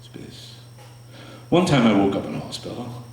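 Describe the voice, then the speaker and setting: A man performing his spoken word poetry to a small audience, slow and halting between pieces, with fillers and restarts. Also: mid-range voice, big pitch swings, a little mellow. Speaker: poet performing his work. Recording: echoey room, mic far off.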